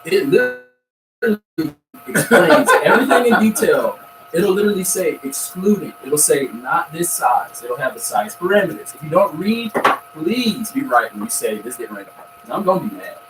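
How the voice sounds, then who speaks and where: Exasperated man venting, lively pitch. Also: moderate pace, over music. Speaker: podcast co-host. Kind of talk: casual chat. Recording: echoey room, far from mic, noisy.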